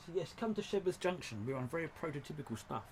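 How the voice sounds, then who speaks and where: A man hosting a casual live stream from his model railway, chatty, jokey and excitable. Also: a little high, fast talker, slight background noise. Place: indoors at a model railway layout.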